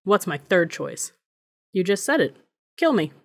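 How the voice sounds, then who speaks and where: A woman reading the part of a teenage boy who speaks calmly and deliberately while facing bullies. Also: fairly low pitch, creaky, heavily acted. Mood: calm defiant. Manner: deliberate, steady. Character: teenage boy, calm and defiant.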